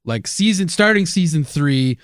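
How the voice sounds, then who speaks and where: A man in casual podcast chat who speaks in a measured way and corrects the others on facts. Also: fairly high pitch, animated, no room sound, clean studio sound. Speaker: podcast panelist.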